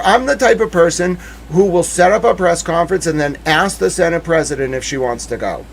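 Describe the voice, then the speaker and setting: A man's voice: a little high, brisk, creaky, hardly any pauses. A man hosting a livestream, telling an indignant story in a casual, sarcastic way, acting out the other people's lines and swearing casually. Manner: animated, indignant storytelling with mock-quoted dialogue. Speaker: livestream host. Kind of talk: casual commentary rant.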